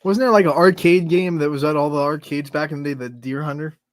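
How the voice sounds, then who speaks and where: A man co-hosting a sports show, chiming in with quick jokes and laughing often. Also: a little high, fairly even intonation, no room sound. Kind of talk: casual banter.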